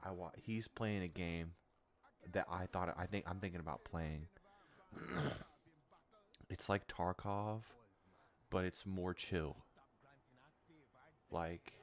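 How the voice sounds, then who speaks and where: Young male streamer, very low voice, loose rambling chat mid-game, amused. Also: steady tone, slow pace, pauses often. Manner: rambling, amused, trails off into restarts. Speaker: gaming streamer. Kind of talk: casual chat while gaming.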